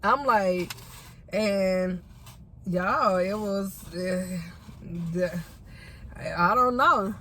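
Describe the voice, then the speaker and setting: A woman's voice: mid-range voice, very slow, pauses often, pushed and bright, slight background noise. Chatty young woman telling a story. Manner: chatty, addresses viewers as y'all. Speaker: vlogger. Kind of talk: storytime mukbang chat.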